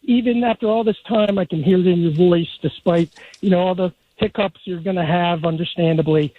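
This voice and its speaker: A man calling in to a radio show, earnest and halting, with many fillers. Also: high voice, steady tone, dry recording. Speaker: caller. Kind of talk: phone call to radio show. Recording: tinny phone line.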